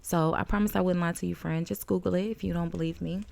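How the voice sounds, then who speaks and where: A woman with a low, gravelly voice and a dark, mellow tone reads tarot cards in a loose, chatty way. She laughs often and talks to the viewer as "friend.". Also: fairly even intonation, fast. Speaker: tarot reader. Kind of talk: casual tarot card reading to camera.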